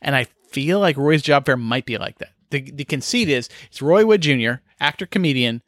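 A man's voice: mid-range voice, lively intonation, normal speed, dry recording, studio quality. A man hosting a solo podcast, talking casually in a rambling, chatty way with lots of fillers, recorded in a small room. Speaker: podcast host.

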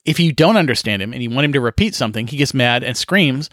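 A man's voice: medium pitch, animated, fast, a bit bright, no room sound, studio quality. A man in his fifties hosting a solo podcast, telling exasperated, profane stories with frequent laughs and sighs. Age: 50s. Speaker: podcast host. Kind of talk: casual solo podcast monologue.

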